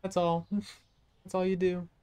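A woman's voice: on the low side, flat delivery, slow, mellow, smooth, dry recording. Joking woman streamer chatting over gameplay. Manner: joking, chatty asides to game customers. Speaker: gaming streamer. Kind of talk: casual let's-play commentary.

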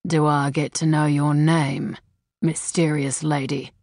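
A woman voicing a wealthy, predatory man who speaks in a slow, low, smug drawl in an audiobook. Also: level tone, darkish tone, no room sound, studio quality. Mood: smug, leering. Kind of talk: audiobook character voice.

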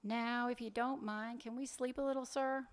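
A man's voice: extremely high pitch, steady tone, normal speed, clear, resonant tone. A man reading fiction aloud, voicing a weary, sarcastic woman who keeps brushing off her lover in a dry, teasing way. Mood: wry.

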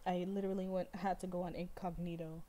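A young woman doing a casual reaction video, an emotional fan who shrieks and swears when excited, on a built-in computer mic without her usual microphone. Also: lowish voice, fast. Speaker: vlogger reacting to a music video. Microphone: built-in computer mic, no external microphone.

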